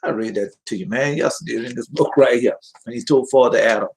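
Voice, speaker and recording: A man's voice: mid-range voice, fairly quick, rough recording. A man preaching in a rambling, folksy way, talking straight to his listeners and reading scripture between tangents. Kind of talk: informal livestream preaching.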